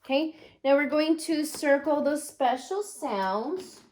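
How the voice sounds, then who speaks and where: A woman teaching a first grade phonics lesson, drilling each sound slowly three times and encouraging the children. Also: high voice, darkish tone. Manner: encouraging classroom talk.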